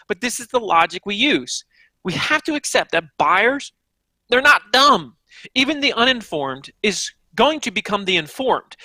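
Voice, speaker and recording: Animated author guest, male, high-pitched and bright, punchy delivery, dry sound. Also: no room sound. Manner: animated, emphatic, speaks straight to the audience. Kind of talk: energetic interview answers.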